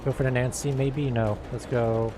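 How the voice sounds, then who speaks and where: A man's voice: mid-range voice, steady tone, normal speed, noisy background. A man giving casual commentary while playing a game, thinking aloud, muttering and swearing. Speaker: gaming streamer.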